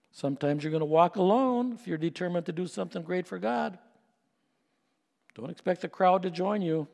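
High-voiced man preaching in an echoing hall. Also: normal speed, creaky. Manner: emphatic, dropping to hushed tones. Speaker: pastor. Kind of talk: sermon.

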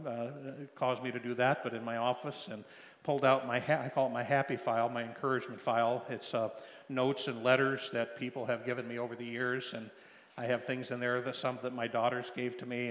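An older man preaching a sermon, telling stories in a folksy way with many pauses and restarts. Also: mid-range voice, a bit bright. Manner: folksy storytelling with frequent fillers and restarts. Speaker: pastor. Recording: long hall reverb.

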